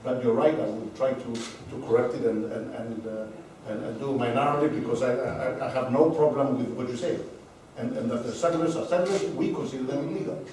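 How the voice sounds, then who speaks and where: A man's voice: medium pitch, a little mellow. Man, echoing from far off. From Cyprus. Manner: halting, repeats words while searching for phrasing. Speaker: diplomat answering audience questions. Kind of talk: seminar question-and-answer discussion. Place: lecture hall. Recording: echoey room picked up from far off, faint hiss.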